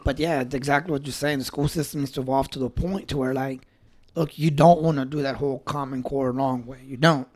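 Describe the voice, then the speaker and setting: A man's voice: mid-range voice, fairly even intonation, brisk. A middle-aged man co-hosting a podcast in casual chat, often agreeing and checking in with "right?". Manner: agreeable, lots of yeah and right. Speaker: podcast co-host.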